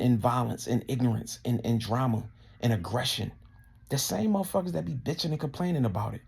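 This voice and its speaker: A man's voice: medium pitch, brisk, vocal fry, darkish tone, husky. A man ranting heatedly and indignantly, full of profanity, his voice climbing as he gets worked up. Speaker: vlogger. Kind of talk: casual profane rant to camera.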